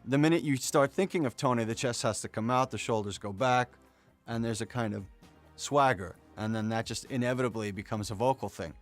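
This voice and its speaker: A man's voice: medium pitch, a little fast, soft background music. A man, a voice actor, reflecting thoughtfully in an interview.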